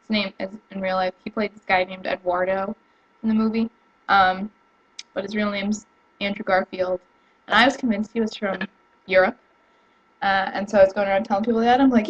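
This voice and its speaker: Young woman vlogging at home, chatty and excitable, kinda muffled lo-fi audio. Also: medium pitch. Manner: rambling and excitable, with many fillers and restarts. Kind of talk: casual chat to camera. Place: home room.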